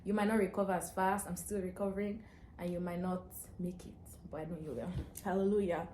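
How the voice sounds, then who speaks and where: A woman's voice: lowish voice, steady tone, brisk, a little mellow, a little hiss or hum. Young female vlogger, chatty storyteller who laughs a lot, recorded in a reverberant room. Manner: chatty, laughs often, acts out dialogue. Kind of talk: casual storytelling to camera. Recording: echoey room, faint ambience.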